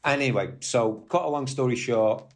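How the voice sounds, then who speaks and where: A man from northwest England telling rambling, animated stories as a guest on an interview podcast, swearing now and then. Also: mid-range voice, moderate pace. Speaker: guest musician. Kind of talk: casual storytelling interview.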